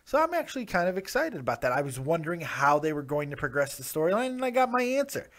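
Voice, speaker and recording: A man with a fairly high voice gives his own review in a loose, chatty way. He is opinionated and often restarts his sentences as he goes. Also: very animated, fast, a bit bright. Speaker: wrestling show reviewer. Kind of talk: casual solo review commentary.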